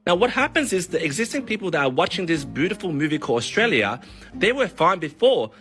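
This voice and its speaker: Bright-voiced man on a profane rant. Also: high voice, quick pace, soft background music. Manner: profane, animated storytelling. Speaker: vlogger. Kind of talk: comedic rant with an extended analogy.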